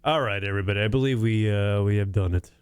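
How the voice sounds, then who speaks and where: A man's voice: fairly low pitch, fast talker, darkish tone, clear, resonant tone, dry recording. A man hosting a radio talk show, bantering wryly in profane casual chat.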